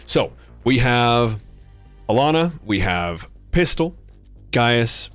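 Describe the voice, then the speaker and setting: A man's voice: medium pitch, very animated, fairly bright tone, no echo, faint music behind. Man narrating as game master. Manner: descriptive, halting with restarts.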